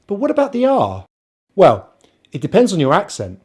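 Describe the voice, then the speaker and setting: A man with a British accent teaching English pronunciation, slowly drilling and repeating syllables. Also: fairly high pitch, very animated, a little mellow, husky. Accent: British, non-rhotic. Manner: slow, exaggerated drilling of sounds. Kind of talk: pronunciation lesson.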